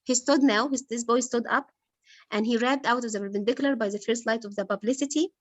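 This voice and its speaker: Enseignante, arabe, voix assez aiguë, son sec et proche : explique un roman à sa classe avec patience, pose des questions aux élèves. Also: female voice, on the high side, a little fast, no echo. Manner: patient, quizzes pupils, many fillers like "like". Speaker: English literature teacher. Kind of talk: explaining a novel to a class.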